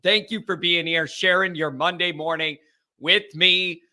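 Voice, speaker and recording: A man's voice: high-pitched, steady tone, measured pace, bright, forceful tone. A man hosting a sports call-in show, hyping up his listeners with a rallying monologue. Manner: hyped, rallying the audience. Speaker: podcast host.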